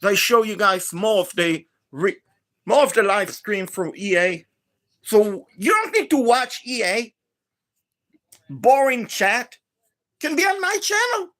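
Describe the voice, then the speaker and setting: A woman with an accent, an energetic and enthusiastic gaming streamer chatting live to viewers. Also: fairly high pitch. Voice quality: non-native accent.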